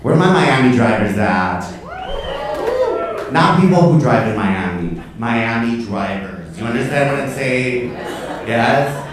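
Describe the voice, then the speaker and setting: Far from the mic in an echoey comedy club, a man with a mid-range voice takes his stand-up set slowly but with animation. He's brash, camp and foul-mouthed, teasing the live audience, whose laughter is audible.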